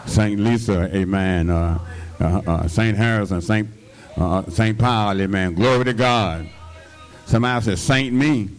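An older man preaches, his voice sitting fairly low. He keeps the congregation in call-and-response, dropping amens and hallelujahs between phrases, and a slight cough catches now and then. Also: measured pace, soft background music. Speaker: pastor. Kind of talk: sermon.

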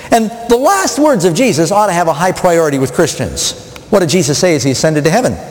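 Lively preaching man in a reverberant studio. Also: fairly high pitch, quick pace. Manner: rhetorical questions, emphatic preaching. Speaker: pastor. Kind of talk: sermon. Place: studio with audience.

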